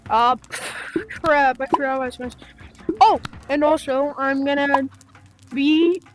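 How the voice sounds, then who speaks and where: Young female gaming vlogger, high voice, rambling casual chat, faint music behind. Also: unhurried. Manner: rambling, many fillers and playful asides. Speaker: gaming channel host.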